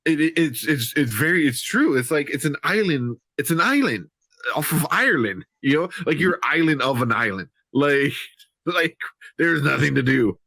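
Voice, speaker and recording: A man's voice: on the high side, lively intonation, moderate pace, pushed and bright, no room sound. A man co-hosting a casual movie review chat, rambling with lots of fillers and retelling scenes in quoted dialogue. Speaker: podcast co-host.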